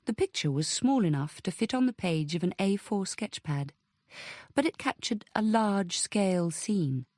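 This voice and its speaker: A medium-pitched woman gives measured, even scripted narration for an audiobook. The studio-quality recording has no room sound.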